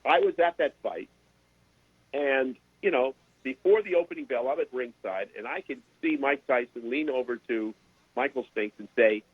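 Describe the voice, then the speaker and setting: Older man, husky voice, animated storyteller, phone-like dry audio. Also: medium pitch, normal speed, no room sound. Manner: animated anecdote telling with repeated words. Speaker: guest sports broadcaster. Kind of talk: casual interview storytelling. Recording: dry, tinny phone-like sound.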